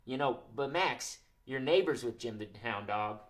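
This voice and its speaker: A woman hosting a children's show, speaking gently and encouraging the kids watching. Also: very deep voice, animated, normal speed. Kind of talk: casual children's show, singing and chatting.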